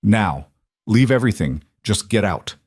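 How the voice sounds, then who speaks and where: A man's voice: lowish voice, sing-song, unhurried, husky, no room sound, clean studio sound, full character voice. A man voicing a tense, bitter mafia boss in an audio crime story, speaking in terse lines.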